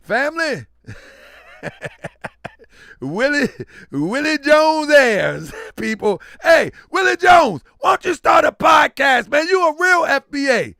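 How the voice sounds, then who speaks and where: A middle-aged man hosting a livestream and reading chat aloud, loud and teasing, laughing often. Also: extremely high pitch, big pitch swings, takes it slowly, creaky, no room sound, clean studio sound. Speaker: livestream host.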